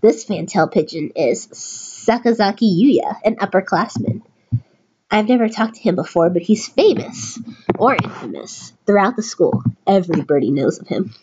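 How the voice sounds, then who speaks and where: A woman's voice: medium pitch, big pitch swings, moderate pace, dark tone, slightly rough, dull audio. A tipsy woman hosting a let's play, reading the game aloud and making chatty jokes. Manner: joking, chatty.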